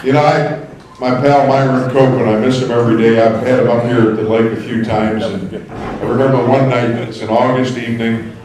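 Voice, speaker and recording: A man's voice: medium pitch, level tone, a little fast, a crowd in the background. A man speaking at a banquet, giving thanks and then telling a polished anecdote. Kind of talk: after-dinner remarks and anecdote. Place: large banquet hall. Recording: echoey hall, mic far off.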